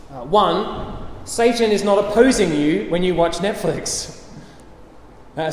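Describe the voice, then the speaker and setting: Emphatic preacher in an echoey hall. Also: male voice, a little high, a little hiss or hum. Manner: emphatic and repetitive, with light chuckles. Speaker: pastor. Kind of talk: sermon. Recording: echoey hall with faint ambience.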